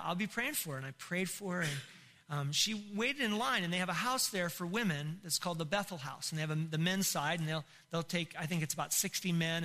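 Speaking in a high, pushed, bright voice, a middle-aged man who pastors tells a personal testimony in his sermon. Emotion runs through it as he laughs and nearly cries.

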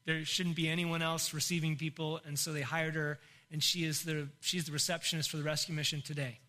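A man's voice: on the high side, little pitch movement, fairly quick, sharp tone, a little hiss or hum. A middle-aged man, a pastor, telling an emotional personal testimony in a sermon, breaking into laughs and near tears. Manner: emotional, tearful storytelling with laughs.

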